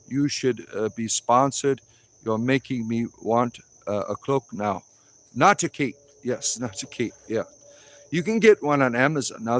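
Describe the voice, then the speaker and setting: A man in a casual livestream chat, speaking at an ordinary middle pitch. He answers viewers bluntly and offhandedly, slipping into preachy little sermons. He is recorded outdoors in a wooded grove. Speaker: livestream host reading chat.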